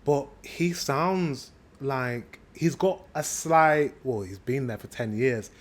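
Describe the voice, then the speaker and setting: A British man hosts a reaction video in a casual, chatty style, upbeat and thinking aloud as he comments. His voice sits at an ordinary middle pitch. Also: slow.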